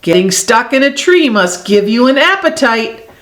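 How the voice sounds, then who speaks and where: A woman's voice: on the high side, very animated, moderate pace, fairly bright tone, slight background noise, voice pushed up. A woman voicing a nervous young male forest animal in a storybook, anxious and prone to calling out. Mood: hungry.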